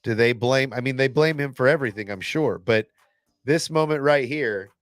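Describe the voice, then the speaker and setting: Brief: a mid-pitched male host, excitable and profane, in a dry, close recording. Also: moderate pace, dry recording. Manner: excitable and blunt, swears, restarts often. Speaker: fan reaction host. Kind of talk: casual reaction commentary.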